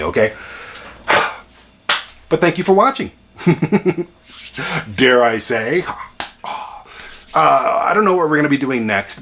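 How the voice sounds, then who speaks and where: A man hosting a casual home vlog, chatty and excitable with rambling asides. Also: medium pitch. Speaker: channel host ranking toy collection. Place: home room with a TV.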